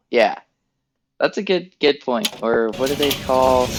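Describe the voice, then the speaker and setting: A man's voice: medium pitch, very noisy. An American man chatting casually and rambling with fillers while he streams a video game. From USA. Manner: rambling, hesitant, lots of fillers. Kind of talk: casual chat while playing. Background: loud game music.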